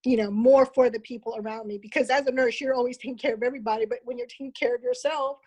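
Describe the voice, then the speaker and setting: A woman, a nurse, sharing personal goals on a group video call, halting and close to tears. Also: fairly high pitch, fairly even intonation, a little mellow, husky, dull audio. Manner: hesitant, tearful, halting.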